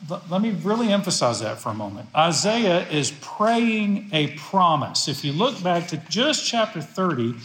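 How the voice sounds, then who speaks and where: A man's voice: high-pitched, very animated, normal speed, few pauses, a bit bright, slight background noise. A man preaching a sermon as pastor, emphatic and repeating phrases for stress. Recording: echoey room.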